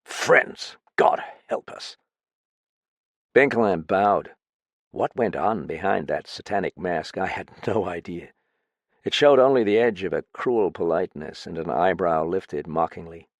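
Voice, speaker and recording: Gravelly, low-voiced male audiobook narrator. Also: dry recording. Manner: measured storytelling. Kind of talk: scripted narration.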